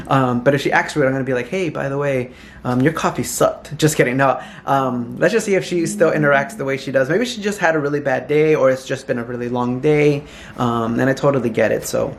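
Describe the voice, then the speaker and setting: A young man from California chatting casually to his phone camera in a hotel, animated and laughing often. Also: fairly high pitch, slight background noise. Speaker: vlogger. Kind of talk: casual vlog chat to camera.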